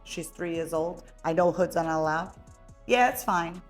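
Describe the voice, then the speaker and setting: A woman hosting a podcast, telling a story in casual chat. She is blunt and profane, and she gets loud when she is heated. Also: on the low side, normal speed, soft background music. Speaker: podcast host.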